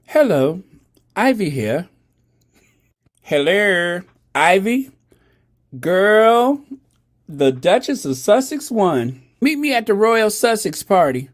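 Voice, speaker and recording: A woman's voice: medium pitch, big pitch swings, takes it slowly, pauses often. A woman putting on a brassy gossip messenger. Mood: excited.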